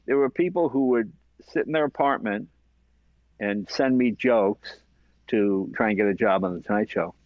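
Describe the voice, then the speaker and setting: Man, comedian guest, animated storyteller, slightly muffled, dry sound. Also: fairly low pitch, moderate pace, no room sound. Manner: animated anecdotes, acting out both sides of exchanges. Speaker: comedian and former late-night talk show host; podcast guest. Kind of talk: casual storytelling.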